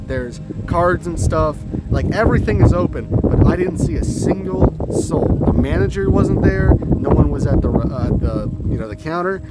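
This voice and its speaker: A man's voice: on the high side, animated, moderate pace, few pauses, heavy background noise. A young man telling a story in a casual, rambling way, swearing now and then. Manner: rambling, profane, self-correcting. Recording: clear background music.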